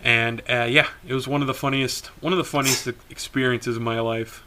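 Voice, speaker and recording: A young man, a podcast co-host, telling a story in casual talk, animated, swearing freely and laughing as he goes. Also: medium pitch, fairly quick, slight background noise.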